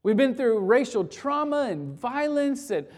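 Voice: mid-range voice, very animated, a little slow. A pastor leading a closing prayer and telling an anecdote in a conversational sermon, often restarting phrases. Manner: conversational storytelling with frequent restarts.

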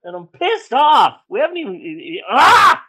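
A woman's voice: medium pitch, very animated, measured pace, poor audio. A woman co-hosting a podcast, ranting angrily with lots of swearing in casual chat. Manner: angry, profane ranting. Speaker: podcast co-host.

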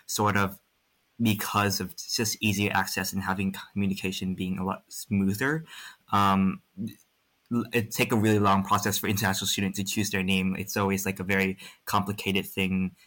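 A man's voice: deep voice, fairly bright tone. A young Vietnamese man with an American-influenced accent, a native Vietnamese speaker, answering interview questions frankly with many fillers. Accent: American-influenced English, Vietnamese speaker.

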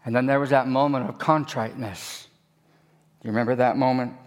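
A male pastor preaching a sermon, telling stories in an animated way that swings between loud and hushed. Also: medium pitch, fairly quick.

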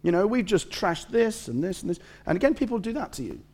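A man's voice: sits high, quick pace. A man preaching a sermon, reading scripture aloud and breaking off for joking asides and stories. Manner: animated, joking asides and storytelling.

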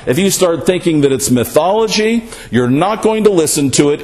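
A man's voice: on the high side, darkish tone. A man preaching a sermon, asking rhetorical questions and often adding "right?" to check in with his listeners.

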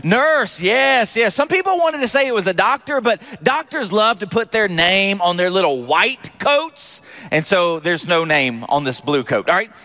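A man preaching a sermon as pastor, animated and joking with the congregation in church. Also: sits high, moderate pace, few pauses.

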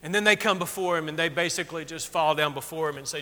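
A pastor preaches a sermon conversationally in a large hall, acting out the people in the story with mounting emotion. His voice is on the high side, pushed and bright, and he talks fast with few pauses.

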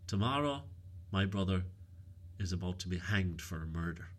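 A man voicing a scheming, boastful countryman in a raised, excited voice. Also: low voice, moderate pace.

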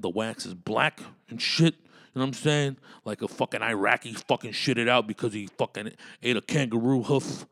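A man's voice: fairly low pitch, no echo. Guy rambling on his podcast, cussing nonstop, super dry close sound. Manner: profane, rambling, laughs often, slips into voices. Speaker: comedian podcast host. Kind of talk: casual rambling podcast monologue.

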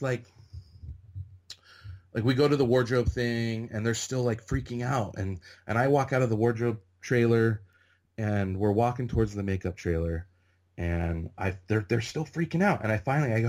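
A middle-aged man from Northern California, a podcast guest telling animated stories and saying "like" constantly. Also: mid-range voice, moderate pace. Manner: animated anecdotes, heavy use of "like". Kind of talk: casual storytelling interview.

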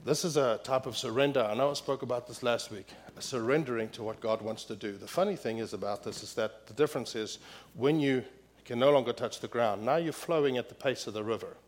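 A man's voice: mid-range voice, a little fast. Emphatic male pastor preaching. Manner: emphatic preaching, repeating key phrases, grows loud reading scripture. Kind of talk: sermon. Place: church.

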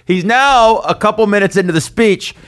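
A man telling a rowdy story in a casual podcast chat, animated and swaggering, acting out the people he describes. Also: sits high, normal speed. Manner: animated, swaggering storyteller who acts out the people in his stories. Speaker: podcast co-host.

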